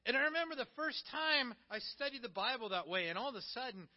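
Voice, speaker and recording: Brief: pastor, animated conversational sermon, very high voice for a man, dull sound. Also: fast talker. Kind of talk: sermon with Bible reading.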